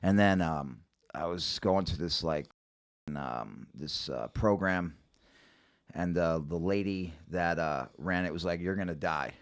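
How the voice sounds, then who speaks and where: A man's voice: sits low, slow pace. A man telling his own story as a podcast guest, casually and with lots of fillers, acting out what other people said. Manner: animated, acts out quoted voices, many fillers.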